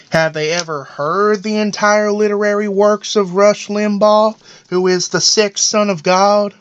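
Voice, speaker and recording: A man's voice: high-pitched, a bit bright, smooth. A man voicing a paranoid, boastful middle-aged cartoon dad in a rambling, self-important comedic monologue. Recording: dull lo-fi audio.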